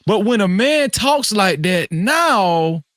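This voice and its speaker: A man on a podcast panel, lecturing and swinging from low murmurs to shouts. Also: very animated, slow, no echo, clean studio sound. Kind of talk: heated panel talk. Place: live-stream podcast studio.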